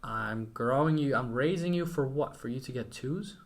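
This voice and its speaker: A man acting out his upset mother scolding her son in a quiet, reproachful voice. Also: mid-range voice, moderate pace, natural voice.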